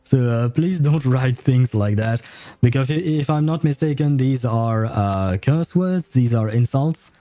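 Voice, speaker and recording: Here a young French-speaking man from France offers casual commentary to his stream audience as he plays. His voice is medium in pitch and dark in tone, a little slow, with no echo in the recording. He hesitates often, chuckling and using many filler sounds.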